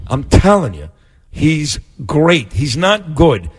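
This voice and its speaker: A man's voice: on the high side, sing-song, husky. A male morning radio co-host bantering with a comedian guest, trading jabs and praise. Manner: joshing, loud praise, quick jabs. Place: radio studio.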